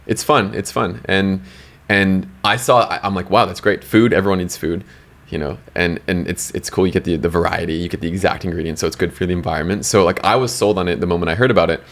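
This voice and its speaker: Podcast guest, male, from Canada, low-pitched, chatty and rambling with restarts. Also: quick pace, creaky, a bit bright. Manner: rambling, many fillers and restarts. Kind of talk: casual storytelling interview.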